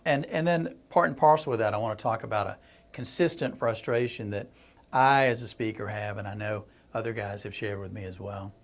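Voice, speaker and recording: A man's voice: fairly low pitch, brisk. Middle-aged guy, business speaker, chatty storytelling blog talk, laughs a lot. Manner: conversational storytelling with laughs and restarts. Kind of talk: casual blog talk to camera.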